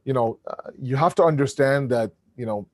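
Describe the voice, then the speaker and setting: A man with a booming voice giving an animated religious family lecture over a video call, often restarting his words. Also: normal speed.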